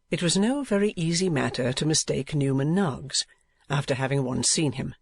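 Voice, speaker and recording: A man giving a measured, expressive audiobook narration. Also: a little high, gravelly, slightly rough, dry recording. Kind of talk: scripted narration.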